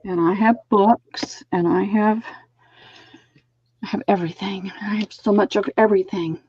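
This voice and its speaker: A woman's voice: mid-range voice, steady tone, moderate pace, darkish tone, husky, muffled recording. A woman with a Southern US accent, hosting a live online sale and chatting as she describes fabric pieces. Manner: chatty, describes fabric items aloud while selling. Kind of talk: casual live-sale chat.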